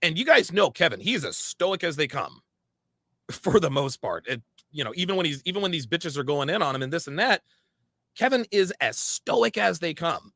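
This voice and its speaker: A man retells a past dispute in a lively, gravelly voice that swings widely in pitch. He is emphatic and often repeats and restarts his phrases. The sound is close and dry. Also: moderate pace, no room sound. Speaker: podcast guest recounting a story. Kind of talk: animated storytelling.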